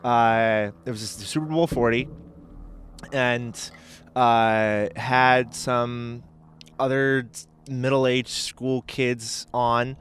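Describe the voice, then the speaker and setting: A man's voice: medium pitch, steady tone, extremely slow, fairly bright tone, a little hiss or hum. A man chatting casually as a podcast guest, rambling and hesitant with lots of filler words.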